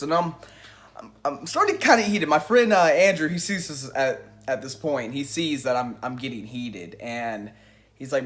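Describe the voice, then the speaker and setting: A young man telling a story in a casual vlog, stammering through restarts and poking fun at himself, swinging between loud bursts and hushed asides. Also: mid-range voice, big pitch swings, moderate pace. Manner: stammering restarts, self-mocking boasts. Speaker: vlogger telling a Magic card game story.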